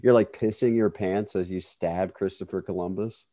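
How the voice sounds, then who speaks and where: A man's voice: low-pitched, steady tone, normal speed, mellow. A man chatting casually on a podcast, laughing a lot and rambling with fillers. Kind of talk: casual comedic chat.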